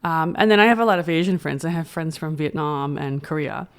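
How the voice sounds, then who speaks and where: American woman, clear careful enunciation. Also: low-pitched, fairly quick. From United States. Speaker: podcast co-host, English teacher. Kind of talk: casual bilingual podcast chat.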